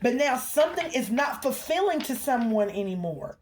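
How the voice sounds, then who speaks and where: A woman's voice: sits high, sing-song, moderate pace, darkish tone, a little hiss or hum. A woman giving a collective spiritual reading, talking to the viewer and calling on the ancestors, with a habit of checking in with "okay?". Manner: emphatic, repeatedly checks in with "okay?"; calls out to the ancestors mid-reading. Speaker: spiritual reader.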